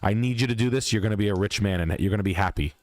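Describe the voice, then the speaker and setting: A man's voice: lowish voice, racing, no echo. A man hosting a livestream, ranting bluntly and profanely in a casual, emphatic way. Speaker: livestream host.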